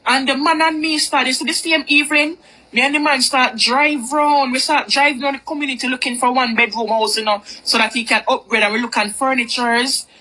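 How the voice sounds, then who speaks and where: A woman's voice: sits high, steady tone, fairly quick, sharp tone, low-quality recording. A woman telling a personal story in a candid, rambling, chatty way. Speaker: vlogger. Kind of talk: storytime monologue.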